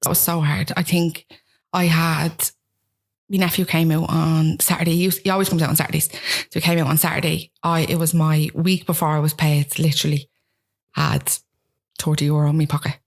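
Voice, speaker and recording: Young dublin woman chatting openly in an interview, fairly low voice, lots of "like". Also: little pitch movement, fairly quick. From Ballymun, Dublin, Ireland. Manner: frank, with frequent "like" and restarts. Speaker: guest. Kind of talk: candid conversational storytelling.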